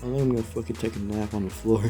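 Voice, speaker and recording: A man's voice: on the low side, fairly even intonation, fast talker, warm tone, faint music behind. A young man telling a rambling story in a casual vlog, laughing often and saying "dude" a lot. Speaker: vlogger.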